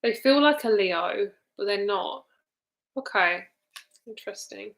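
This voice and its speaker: A woman's voice: medium pitch, animated, slow, fairly bright tone, a little hiss or hum. A young woman giving a casual live card reading to viewers, chatty and loose, with frequent ums and casual swearing. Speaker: tarot reader.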